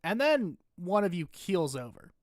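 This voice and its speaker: A young man streaming casually, rambling and putting himself down, turning loud and animated when he rants. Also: sits high, unhurried, no echo, studio quality. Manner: rambling, self-deprecating, gets loud and animated when ranting. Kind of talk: casual chat.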